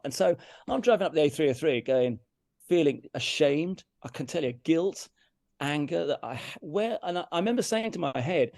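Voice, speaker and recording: Earnest English man, gravelly and dry. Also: fairly high pitch, dark tone, no echo. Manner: earnest, emphatic, repeats himself, self-critical. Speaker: interview guest, brass teacher. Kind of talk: candid conversational storytelling. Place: farmhouse room.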